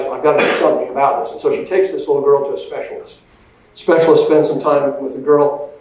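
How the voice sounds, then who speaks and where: A man's voice: mid-range voice, a little mellow, heavy reverb, far from the mic, rough recording. A man giving a motivational leadership presentation, with an emphatic, conversational delivery that often checks in with "right?". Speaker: leadership speaker.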